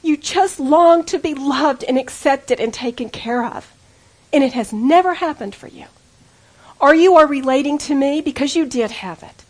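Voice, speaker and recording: A woman's voice: high-pitched, moderate pace. A woman giving an earnest personal testimony sermon to women, storytelling intimately and pleading with the listeners. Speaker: women's speaker.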